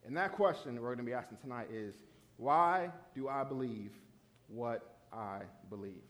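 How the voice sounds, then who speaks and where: A young adult man giving a lively, conversational sermon as a youth pastor, often checking in with "right?". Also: mid-range voice, normal speed.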